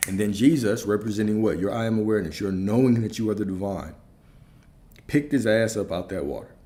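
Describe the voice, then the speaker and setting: Low dark-voiced man preaching emphatically. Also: fairly quick. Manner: emphatic, repeats key phrases, asks rhetorical questions. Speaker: spiritual coach. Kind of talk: preaching spiritual talk.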